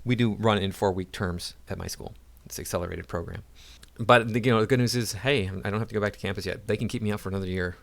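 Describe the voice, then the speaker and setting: A male video commentator reads news stories aloud and keeps interrupting them with sarcastic, mocking remarks. His voice sits on the low side. He talks in a casual, off-the-cuff way between the quoted passages. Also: fast talker, creaky. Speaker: YouTube commentator.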